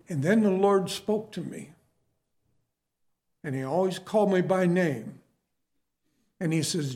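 Middle-aged male preacher, storytelling sermon, slow delivery, slightly high voice, asks the congregation questions. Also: lively intonation, darkish tone.

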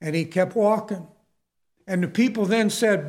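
A man's voice: high voice, moderate pace, darkish tone. A man preaching a sermon in an earnest, emphatic way, often addressing his listeners as folks.

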